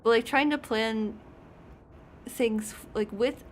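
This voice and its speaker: A woman's voice: fairly high pitch, takes it slowly, slight background noise. A young woman streaming, chatting casually and rambling with frequent laughs. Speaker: VTuber streamer.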